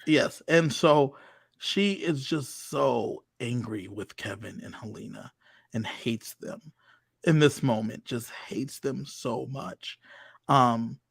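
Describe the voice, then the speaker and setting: A man's voice: medium pitch, creaky, slightly rough, dry recording, clean studio sound. A man co-hosting a casual podcast, talking emphatically about the show. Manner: emphatic, quick to agree. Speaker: co-host. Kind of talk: casual podcast recap chat.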